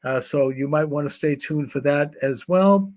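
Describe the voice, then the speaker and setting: A man's voice: fairly high pitch, moderate pace, darkish tone. A man hosting a live talk show, thanking his guest and chatting through plugs in an affable way.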